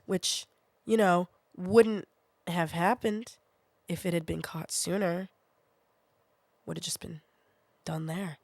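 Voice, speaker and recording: A woman's voice: on the low side, slow, long pauses, dry recording. Sick young woman streamer, dry close mic. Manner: swears freely, rambling and animated. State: sick with a sinus infection, congested and coughing. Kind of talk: casual storytelling to a live chat.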